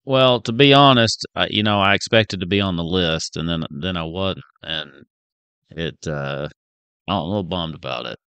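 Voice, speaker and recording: A man's voice: deep voice, moderate pace, bright, forceful tone, clean tone, no echo. A man playing a tabletop game in character, easygoing and stammering. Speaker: player.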